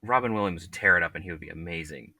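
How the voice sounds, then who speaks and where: A man's voice: low voice, racing, gravelly, pushed and bright. A man in his thirties co-hosting a podcast in casual chat, with brief, matter-of-fact remarks. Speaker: podcast co-host.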